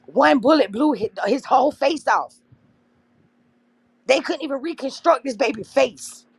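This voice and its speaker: Impassioned gravelly-voiced woman livestreaming. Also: high voice, expressive, unhurried, no echo. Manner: impassioned, addresses viewers as y'all. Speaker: livestream host. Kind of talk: emotional livestream talk to viewers.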